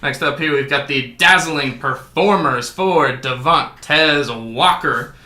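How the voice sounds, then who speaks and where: A man's voice: on the high side, takes it slowly, bright, forceful tone, roomy sound. A man hosting a sports card break, calling out each card and adding jokey asides. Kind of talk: casual card-opening commentary.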